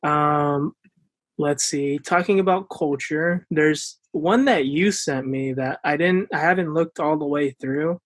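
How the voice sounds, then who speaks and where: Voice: medium pitch, takes it slowly, no room sound. A podcast co-host chatting casually, laid-back and joking with fillers. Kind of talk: casual chat.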